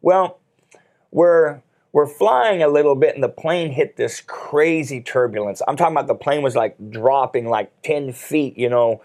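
A man's voice: medium pitch, measured pace, darkish tone. Man, mid-range voice, faith talk co-host, earnest storytelling with restarts. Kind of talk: faith talk show conversation.

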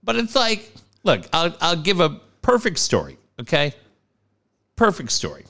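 Animated, high-voiced man telling stories. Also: unhurried, creaky. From Cardiff. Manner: profane storytelling, laughing, acting out voices. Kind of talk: casual chat.

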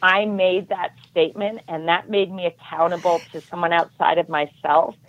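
Earnest woman telling her story, low voice. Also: normal speed, dry recording, highs cut off. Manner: earnest, animated storytelling with acted-out quotes. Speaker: podcast guest, triathlon coach. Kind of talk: storytelling in a podcast interview.

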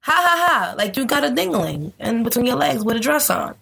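A woman's voice: on the high side, sing-song, fairly quick, creaky, a little hiss or hum. A woman co-hosting a podcast in casual chat, ranting bluntly with profanity and frequent laughter. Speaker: podcast co-host.

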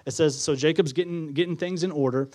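A man with a slightly higher-than-usual voice preaches a sermon before his congregation. He is earnest and repeats key phrases, often asking the listeners questions as he teaches. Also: brisk, darkish tone. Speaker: pastor.

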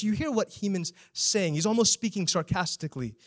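Man preaching, fairly high voice, earnest, keeps asking the room questions. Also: brisk, few pauses. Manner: earnest, rhetorical questions to the congregation. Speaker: pastor. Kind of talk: sermon.

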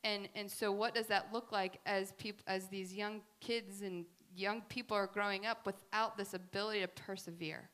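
A woman giving a faith talk, telling family stories in an animated, chatty way with many fillers. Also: mid-range voice, moderate pace, few pauses. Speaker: speaker at a faith gathering.

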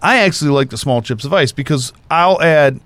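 A man's voice: a little high, expressive, brisk, fairly bright tone, no room sound. A man co-hosting a casual chat, talking with emphatic enthusiasm and explaining at length. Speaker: co-host.

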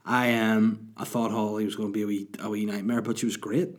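A man's voice: fairly low pitch, little pitch movement, brisk. A man, rambling chattily as a solo podcast host. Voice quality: husky. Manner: rambling, self-deprecating, chatty. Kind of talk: casual solo podcast chat.

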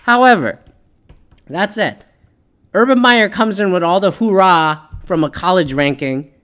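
A man's voice: sits high, animated, a little slow, a bit bright, clear, resonant tone. Profane, rambling sports-ranting man. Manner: profane, rambling, sarcastic, many fillers. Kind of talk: casual opinionated sports rant.

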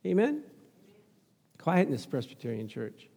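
A man's voice: on the high side, measured pace, gravelly, breathy edge. A man preaching a sermon in a church, laughing often and calling out to the congregation. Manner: laughing, animated, talks back to the congregation. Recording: long church reverb.

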